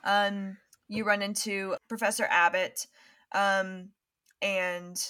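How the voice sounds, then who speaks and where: A woman's voice: medium pitch, takes it slowly, smooth. A woman running a tabletop game as game master, narrating loosely with many fillers. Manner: relaxed, filler-heavy narration.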